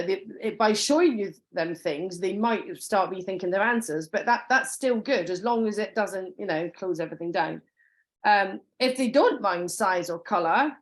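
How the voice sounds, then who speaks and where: A woman giving an informal sales training talk, chatty, with many restarts and ums and acted-out customer lines. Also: medium pitch.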